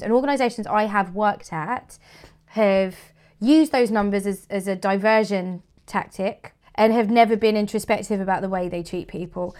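A woman's voice: medium pitch, darkish tone. A woman speaking as an interview guest about her work in marketing, frank and opinionated, with many fillers. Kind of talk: casual interview talk.

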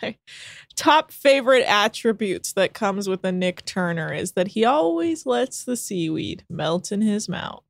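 A woman's voice: mid-range voice, animated, a little slow, creaky, no echo, clean studio sound. A woman co-hosting a TV recap podcast, teasing and mock-arguing with her co-host in casual banter.

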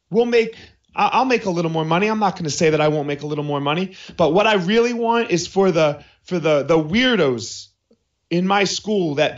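A man's voice: on the high side, muffled recording. A man hosting a podcast from his house, talking in a casual monologue and repeating key points for emphasis. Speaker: podcast host.

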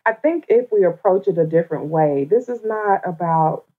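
Podcast guest, woman on a thin phone-quality line, lowish voice, emphatic. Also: animated, normal speed. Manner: emphatic, agreeing and building on points. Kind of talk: casual podcast discussion.

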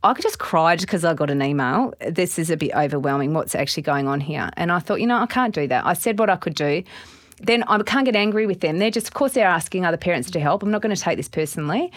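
A woman's voice: fairly low pitch, fast talker, dry recording, clean studio sound. A middle-aged Australian woman, a business owner and guest, telling stories in a casual interview and acting out her own thoughts. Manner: animated storytelling with quoted inner voices.

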